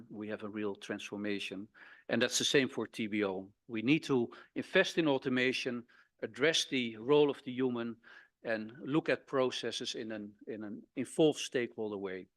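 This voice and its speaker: A man's voice: mid-range voice, a bit bright, no echo. Older man speaking hesitantly at a conference. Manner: hesitant, repeats words while searching for them. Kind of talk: conference presentation.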